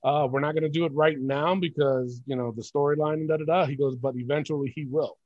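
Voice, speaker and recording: A Puerto Rican man on the high side of the pitch range talks fast, recorded dry and lo-fi. As a wrestling podcast co-host, he chats casually, swearing freely through blunt, animated rants.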